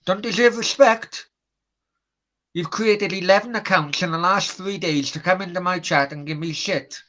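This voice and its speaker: A man's voice: high-pitched, fairly even intonation, moderate pace, bright, forceful tone. A man hosting a football watchalong stream, chatting bluntly and swearing as he answers his chat. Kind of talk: casual live-stream chat.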